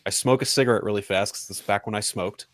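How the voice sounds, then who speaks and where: A co-host in a casual chat, telling a story with lively, acted-out quotes. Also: low-pitched, fast, no echo, clean studio sound.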